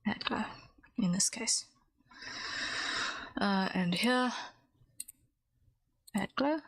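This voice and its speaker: A woman's voice: medium pitch, drawn-out words, creaky, dry recording, clean studio sound. A woman streamer talking casually while she draws, thinking aloud and answering chat questions. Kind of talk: casual narration while drawing.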